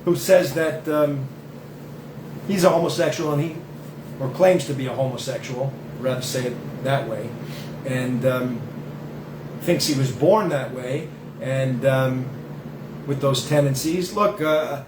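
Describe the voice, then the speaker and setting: A man's voice: mid-range voice, unhurried, pauses often. A man hosting a show as a self-styled rabbi, talking in an emphatic, digressive way with many restarts while reading and commenting. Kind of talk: rambling religious monologue with reading aloud. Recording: echoey room with faint background noise.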